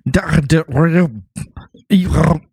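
Corny melon-headed guy, slow, raspy drawl, played by a man. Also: on the high side, darkish tone, dry recording, voice pushed up, full character voice. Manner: slow, corny pickup lines. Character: cheesy male melon-headed creature. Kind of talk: improvised comedy sketch.

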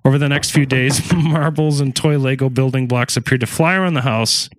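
A man's voice: mid-range voice, fairly quick, no echo. A man casually retelling a haunting story on a podcast, cursing often, joking in asides and stumbling over words. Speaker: podcast host.

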